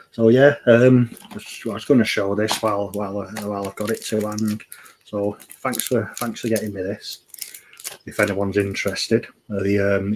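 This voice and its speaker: A man's voice: fairly low pitch, darkish tone, a little hiss or hum, poor audio. A man co-hosting a podcast in casual chat, swearing freely and rambling as he loses his thread. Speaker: podcast co-host.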